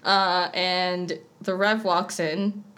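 Animated self-mocking woman co-host. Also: fairly low pitch, drawn-out words. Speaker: podcast co-host. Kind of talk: casual chat recapping a TV episode.

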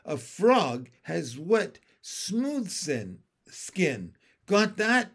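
A man's voice: a little high, sing-song, takes it slowly, heavily acted. A man doing a fussy, bossy female frog. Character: patient chatty female pond frog. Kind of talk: storybook read-aloud.

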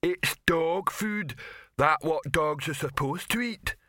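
A lumbering, dim-witted troll laborer, as a man acts him out, speaking very slowly in blunt, broken phrases, set a little higher than the reader's own voice. The bright, forceful tone stays close and dry. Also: dry recording. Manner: slow, broken grammar.

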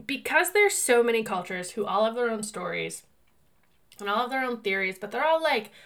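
A woman co-hosting a podcast in casual chat, telling stories in a rambling, animated way and often filling with "like.". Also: medium pitch. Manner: chatty and rambling, heavy use of "like"; animated storyteller who laughs through her telling. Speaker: podcast co-host.

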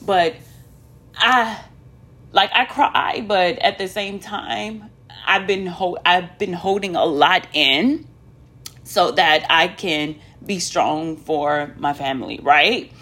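A woman's voice: on the low side, takes it slowly, fairly bright tone. A woman talking candidly to viewers in a casual personal vlog, chatty, with many ums and asides to "y'all". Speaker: vlogger.

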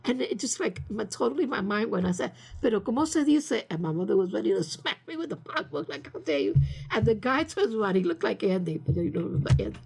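Older woman interviewee, husky and a bit gravelly, chatty and rambling, drops into Spanish. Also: medium pitch, expressive, fast talker, hardly any pauses, a little mellow. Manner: rambling, many fillers, slips into Spanish phrases. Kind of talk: casual storytelling.

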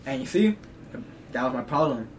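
A man's voice: medium pitch, big pitch swings, normal speed. A teenage man in casual chat, telling rambling stories in heavy slang. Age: teens. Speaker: co-host. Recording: distant mic with background hiss.

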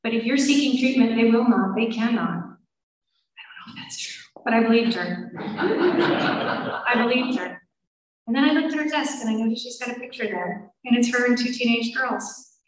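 A woman tells her personal testimony to a gathered audience, her voice a touch high and full of feeling. She slips into the voices of the people she quotes. The sound is roomy and picked up from some distance. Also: moderate pace, slight background noise. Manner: emotional, quoting others in changing voices. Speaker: speaker sharing a recovery story. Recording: roomy hall, voice from off-mic.

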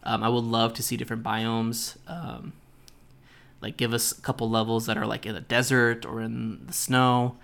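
A man's voice: medium pitch, flat delivery, moderate pace, creaky, a bit bright. Man chatting solo on a podcast. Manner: casual, speculative, loose. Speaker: podcast host.

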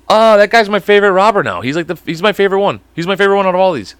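A man's voice: sits high, expressive, rapid-fire, hardly any pauses, a bit bright, clean tone, dry recording. Rambling, profane American man hosting a podcast. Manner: profane, goofy, drifts off topic, puts on silly voices; stumbles over words while reading. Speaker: podcast host. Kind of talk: rambling comedic podcast monologue.

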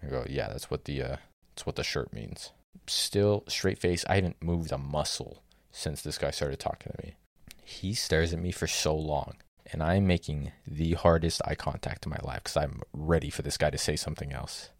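A man's voice: very deep voice, moderate pace, no echo, studio quality. A young man telling stories in casual chat, exasperated and sardonic, swearing freely. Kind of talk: casual storytelling rant.

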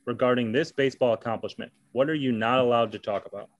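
A man's voice: medium pitch, fast, no room sound, muffled recording. A man hosts a casual sports podcast in an ordinary, mid-range voice. He quizzes his co-host on trivia and teases him along the way. The tone stays loose and conversational.

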